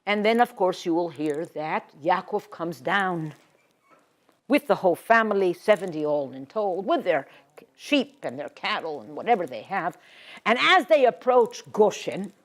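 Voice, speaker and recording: A woman giving a Torah lecture. She reads Hebrew verses and then translates them, sinking to a hushed whisper on emotional words. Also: on the low side, animated, moderate pace. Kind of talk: expressive Bible lecture.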